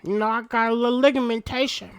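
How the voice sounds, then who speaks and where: A woman's voice: on the high side, steady tone, fast talker, smooth, faint music behind, close to an everyday voice. A woman playing a brash, crude-talking male street hustler in a game role-play, full of slang and jokes. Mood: joking, crude.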